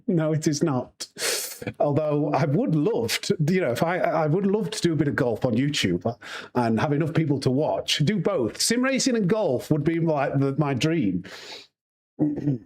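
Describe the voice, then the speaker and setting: A man's voice: on the high side, expressive, a little slow, a little mellow, slightly rough. A man with a Yorkshire accent, a sim racing streamer chatting casually and rambling to his live chat while he plays. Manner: chatty, rambling, laughs easily.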